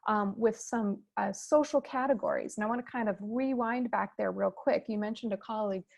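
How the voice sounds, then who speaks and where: A woman moderating a fireside chat over a video call, explaining terms in a measured, teacherly way. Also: mid-range voice, vocal fry.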